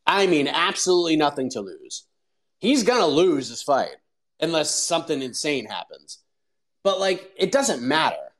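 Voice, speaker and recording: On a low-quality recording, a man in his forties hosts a show at a normal speed, his voice pitched fairly high. He tells stories casually and animatedly, with frequent fillers such as "like."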